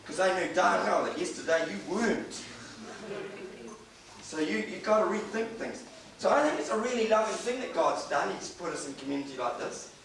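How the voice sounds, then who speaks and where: A man's voice: high-pitched, fairly bright tone. A middle-aged man, preaching a sermon and telling humorous stories from his family life. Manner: storytelling with humor, acts out quoted voices. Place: church hall. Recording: echoey hall, distant mic, audible noise.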